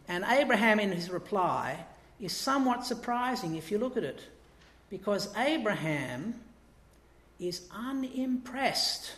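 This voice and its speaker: Animated preacher man in an echoey church. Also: high-pitched. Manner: animated, rising to emphatic peaks. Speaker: pastor. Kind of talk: sermon.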